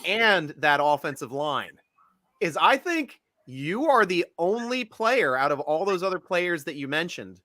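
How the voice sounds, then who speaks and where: A male host asking questions in an interview, enthusiastic and quick to affirm. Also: a little high, very animated, sharp tone. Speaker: show host. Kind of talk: interview hosting.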